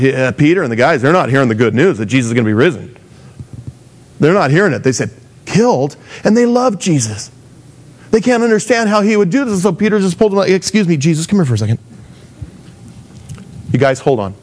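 A man's voice: on the high side, sing-song, fairly quick, pauses often, a little mellow. A man preaching a sermon in a casual, conversational way, acting out the voices of the people he quotes. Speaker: pastor.

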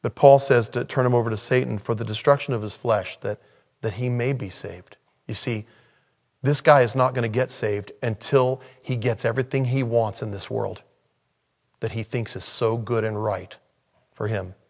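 A man preaching a sermon in a conversational way, with sudden loud, high-pitched bursts of emphasis. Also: steady tone, normal speed, gravelly. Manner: conversational, thinking aloud. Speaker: pastor.

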